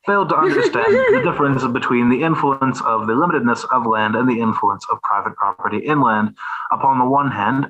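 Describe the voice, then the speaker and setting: A man's voice: medium pitch, pushed and bright. A man who is a guest, reading a text aloud in a dry, wry way and then chatting casually. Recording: dull lo-fi sound.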